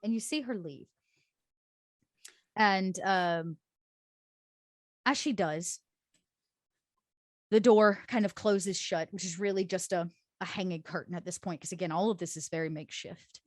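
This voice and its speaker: A woman's voice: fairly low pitch, measured pace, long pauses, no room sound, clean studio sound. A woman narrating as game master in a tabletop game, descriptive and filler-heavy.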